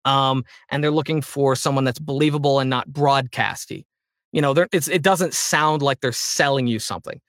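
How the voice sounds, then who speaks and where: High-energy man, voice actor guest. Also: moderate pace, no room sound, clean studio sound. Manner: high energy, animated storyteller. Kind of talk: casual interview chat.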